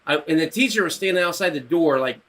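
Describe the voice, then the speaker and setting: Man, podcast co-host, casual storytelling, bright voice, very lively pitch, acts out voices. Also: fast talker. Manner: animated, acts out quoted voices, laughs through his story.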